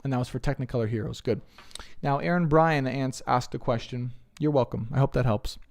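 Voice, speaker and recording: On a casual live stream, a young man working as a spiritual reader answers viewers' questions. His medium-pitched, gravelly voice moves a little fast, and he's earnest and rambling, growing animated when he retells stories.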